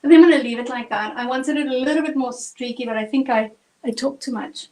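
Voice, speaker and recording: A woman's voice: high voice, quick pace, darkish tone, rough recording. A woman from South Africa with a South African accent, chatting through a live acrylic painting tutorial step by step. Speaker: painting instructor.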